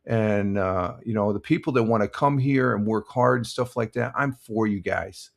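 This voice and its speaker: A man's voice: on the low side, moderate pace, gravelly. An older American man hosting a casual live stream, rambling with many restarts and giving blunt opinions while reading viewer comments. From United States.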